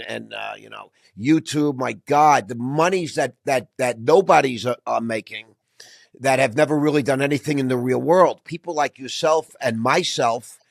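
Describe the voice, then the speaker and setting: A middle-aged man hosting an interview, talking haltingly with many restarts. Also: mid-range voice, gravelly, no echo, studio quality. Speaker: podcast host. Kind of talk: casual interview chat.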